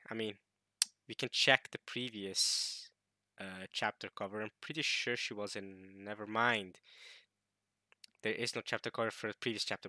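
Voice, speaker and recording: A man reading through a manga chapter in casual commentary, thinking aloud and getting excited, with frequent restarts. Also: lowish voice, dry recording, studio quality.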